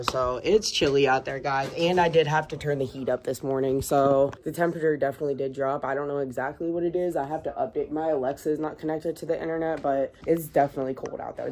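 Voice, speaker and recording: A woman's voice: a bass voice, fast talker, hardly any pauses, darkish tone, a little hiss or hum. A young woman filming a casual day-in-the-life vlog in her apartment, talking to viewers and often calling them "guys". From United States. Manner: chatty, often says "guys". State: low, emotional, near tears. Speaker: vlogger, single mother. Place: apartment at home, indoors.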